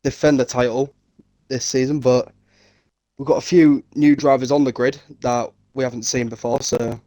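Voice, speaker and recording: A man co-commentating on a racing stream, previewing the season in a measured, casual way. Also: mid-range voice, level tone, dark tone, no echo.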